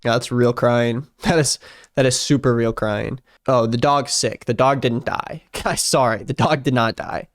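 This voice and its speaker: A man's voice: medium pitch, measured pace. A young man giving reaction commentary as a YouTube commentator, sarcastic and incredulous.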